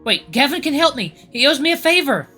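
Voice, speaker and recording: Man doing a young woman turned mouse, panicky, breathless squeals, soft music under. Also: very high voice, moderate pace, voice pushed up, full character voice. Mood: frantic.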